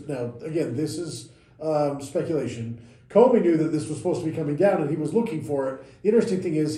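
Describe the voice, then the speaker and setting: Fairly high and mellow, a male podcast co-host's voice walks casually through a sequence of events step by step, correcting himself as he goes. The recording has a roomy, echoey sound.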